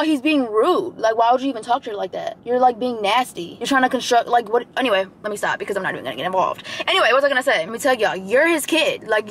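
Recorded on a phone in a moving car, this vlogger is a young American woman whose slightly high, fairly bright voice carries a little hiss or hum. She chats casually, rambling with plenty of fillers and preachy tangents.

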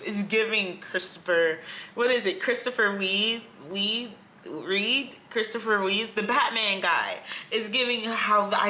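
A woman's voice: mid-range voice, bright, forceful tone, slight background noise. A woman vlogging candidly at home by a window, talking in a reflective, rambling and hesitant way. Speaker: YouTuber. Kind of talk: candid personal vlog. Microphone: camera.

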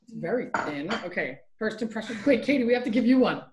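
A man's voice: high voice, expressive, quick pace, roomy sound, noisy background. A man tasting and judging a cookie in a casual chat, talking in a playful, mock-formal critic's manner. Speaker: guest taste-tester.

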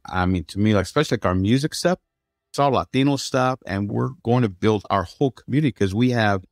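A man's voice: mid-range voice, no echo, clean studio sound. A middle-aged man from the United States, a guest in an interview, talking earnestly and with emphasis, often restarting his sentences. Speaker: guest, streaming platform founder. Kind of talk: conversational interview.

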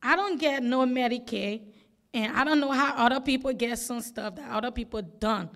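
A woman's voice: a little high, moderate pace, fairly bright tone. A woman who grew up in the United States, a single mother giving earnest, pleading public comment at a hearing.

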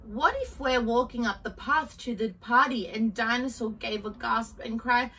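A woman reading a children's picture book aloud, in a gentle, expressive storytelling manner. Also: on the high side, moderate pace, hardly any pauses, slightly rough, far from the mic, low-quality recording.

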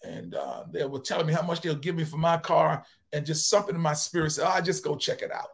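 An older man, a bishop, preaching a fervent sermon that moves from quiet storytelling to loud cries. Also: a little high, fast talker, creaky. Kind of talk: livestreamed sermon.

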